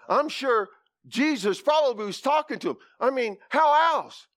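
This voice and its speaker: A man preaching a folksy, animated sermon, with whoops and asides to the congregation. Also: extremely high pitch, normal speed, no room sound, studio quality.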